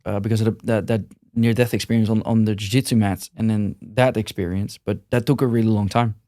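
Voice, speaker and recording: A man's voice: on the low side, steady tone, a little fast, dark tone, no room sound, studio quality. A man talking as a podcast guest, in a loose, rambling way with frequent restarts and repeated words. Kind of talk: casual interview conversation.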